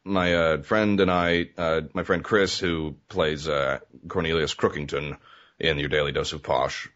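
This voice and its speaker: Man, guest, casual chat, very low voice, rambling, lots of fillers, muffled lo-fi audio. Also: steady tone, measured pace, a bit bright. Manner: rambling, many fillers, laughs easily. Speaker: guest, web comedy creator.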